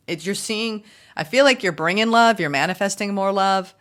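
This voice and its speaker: A woman reading tarot for her viewers, chatty and upbeat, often gushing with excitement. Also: medium pitch, moderate pace. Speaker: tarot reader.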